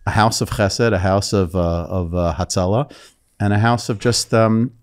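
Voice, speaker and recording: A man's voice: fairly low pitch, moderate pace. A man in his fifties, born in England, with a New York accent, telling stories and joking as a podcast guest. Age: 50s. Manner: storytelling, joking, laughs easily. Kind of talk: casual interview.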